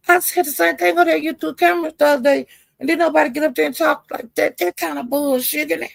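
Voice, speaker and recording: Woman streamer, fiery and profane, with a gravelly voice, dry close sound. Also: sits high, fast talker, no room sound. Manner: animated, profane and emphatic. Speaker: livestreamer. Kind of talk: casual storytelling rant.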